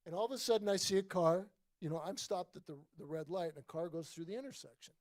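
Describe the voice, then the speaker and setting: A man in his sixties, a former ballplayer and guest at a book event, telling a story in a casual, animated way and acting out the voices in his quotes. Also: high voice, quick pace. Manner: animated anecdote teller, acts out voices in quotes. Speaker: former baseball player, guest.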